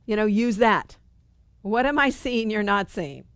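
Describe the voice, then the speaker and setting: A woman's voice: medium pitch, lively intonation, measured pace, a bit bright, clear, resonant tone, no room sound. A middle-aged woman leading a spiritual study group, talking earnestly and conversationally and repeating phrases for emphasis. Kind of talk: spiritual teaching talk.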